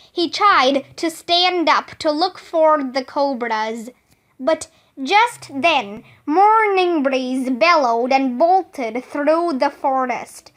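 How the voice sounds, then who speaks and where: A woman reading a children's book aloud as narrator, slow, careful and expressive. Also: high-pitched.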